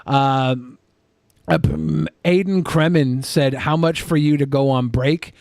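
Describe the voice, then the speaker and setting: A man's voice: mid-range voice, animated, unhurried, darkish tone, no room sound. A man co-hosting a livestream podcast, reading donation messages aloud with offhand jokes. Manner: offhand, joking. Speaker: podcast co-host.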